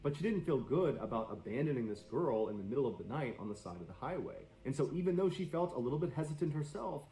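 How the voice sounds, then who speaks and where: A man narrates suspenseful stories with dramatic, building tension. His pitch sits mid-range but moves a lot. The room around him rings audibly. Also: big pitch swings, fast talker, few pauses, warm tone, roomy sound, low-quality recording. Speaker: streamer. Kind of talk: storytelling on a live stream.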